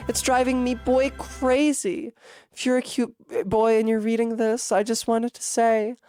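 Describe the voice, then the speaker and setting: A woman's voice: a little high, little pitch movement, a little slow, darkish tone, no echo, soft background music, voice pushed up, natural voice. A woman putting on a giddy boy-crazy girl. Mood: giddy swooning. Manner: breathless, gushing, over-the-top giddy.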